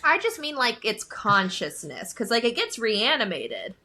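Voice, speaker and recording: Bright, giggly woman film podcaster. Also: fairly high pitch, huge pitch swings, a little slow. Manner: giggly, chatty, lots of laughing. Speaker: podcast co-host. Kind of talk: casual film chat.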